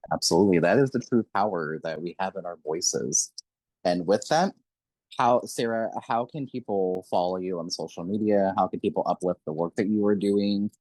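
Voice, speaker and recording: A man's voice: low voice, normal speed, a little mellow, no room sound, poor audio. A man hosting a podcast, speaking earnestly and with open emotion as he thanks his guests. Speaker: podcast host. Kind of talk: closing remarks of an interview.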